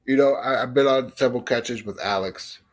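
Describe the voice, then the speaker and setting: A man's voice: mid-range voice, brisk. Guy rambling in a casual chat, lots of ums, cusses a bunch. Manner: rambling, lots of fillers and swearing.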